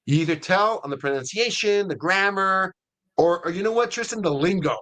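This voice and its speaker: A middle-aged man with a US Hispanic accent, hosting a webinar in a casual, energetic way with many fillers and restarts. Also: sits high, fairly quick. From Latin America. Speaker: webinar host.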